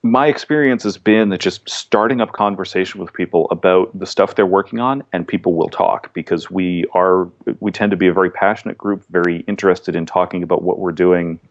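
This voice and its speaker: A man talking as a podcast guest in a relaxed, rambling way with many restarts. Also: deep voice, a little fast, few pauses, dull audio. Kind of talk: casual interview chat.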